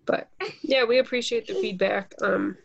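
A woman's voice: mid-range voice, normal speed, gravelly, highs cut off, background noise. A woman co-hosting a podcast in casual chat, talking loosely and laughing often. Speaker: podcast co-host.

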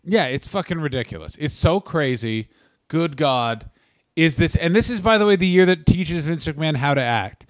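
A man's voice: fairly high pitch, expressive, normal speed, no echo. A man co-hosting a comedy podcast, telling stories in a sarcastic, casual way and swearing freely. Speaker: podcast co-host.

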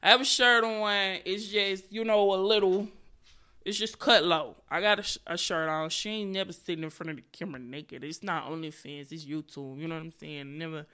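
A woman hosting a podcast, delivering a casual comedic monologue full of profanity and animated ranting, and speaking straight to her viewers and listeners. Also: fairly low pitch, normal speed, smooth. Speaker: podcast host.

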